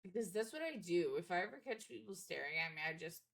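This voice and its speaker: A woman from New Orleans with no strong accent, casually commenting as she reads a game aloud, blunt and quick to swear. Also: on the low side, lively intonation, vocal fry, fairly bright tone. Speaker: streamer playing a visual novel. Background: game music.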